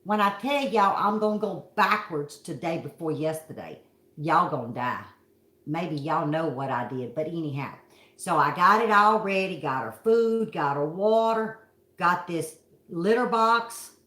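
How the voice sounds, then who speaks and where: A woman's voice: lowish voice, lively intonation, measured pace, fairly bright tone, roomy sound. A middle-aged woman from Kentucky with a Southern accent, telling a story to her viewers in a folksy, dramatic way. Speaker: vlog host.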